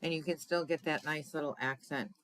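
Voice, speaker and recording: A woman's voice: sits low, fairly even intonation, brisk, fairly bright tone, slight background noise, rough recording. A woman hosting a card-making tutorial in a chatty way, often checking in with "right?" and laughing at her own slips. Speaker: crafting demonstrator.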